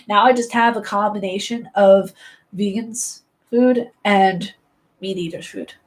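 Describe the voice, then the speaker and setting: A woman's voice: medium pitch, steady tone, a little slow, slight background noise. A woman chatting casually with her live-stream viewers, sarcastic and rambling, often breaking into giggles.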